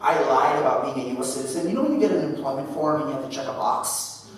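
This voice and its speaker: Keynote speaker, man in his thirties, animated storyteller, high-pitched, heard from far off in a large hall. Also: fast talker. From Philippines. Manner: animated storytelling with frequent "right?". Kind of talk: keynote speech.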